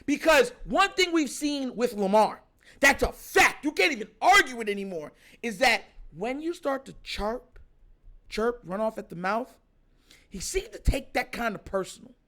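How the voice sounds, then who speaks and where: A man hosting a sports talk show, giving animated casual reaction commentary and laughing often. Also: very high voice, moderate pace. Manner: animated, excitable, laughs often, mimics players.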